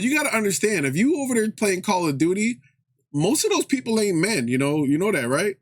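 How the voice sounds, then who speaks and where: Laid-back man chatting on a live stream. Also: on the high side. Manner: laid-back slangy banter, laughs often. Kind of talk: casual chat with stream viewers.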